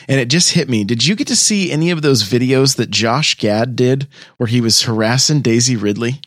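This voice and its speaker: Podcast guy rambling along, lots of restarts, trails off quiet, dry sound. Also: medium pitch, animated, moderate pace, no echo. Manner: rambling, restarts often, drops quiet at phrase ends. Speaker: podcast co-host. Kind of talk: casual chat.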